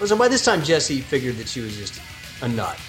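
A man's voice: medium pitch, very animated, brisk, fairly bright tone, soft background music. A man co-hosting a podcast, chatting casually and telling a joke in a playful way. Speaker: podcast co-host.

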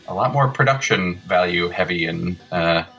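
A man's voice: sits low, lively intonation, moderate pace, bright, forceful tone, husky. Man, guest filmmaker, casual interview chat, laughing storyteller, muffled lo-fi recording.

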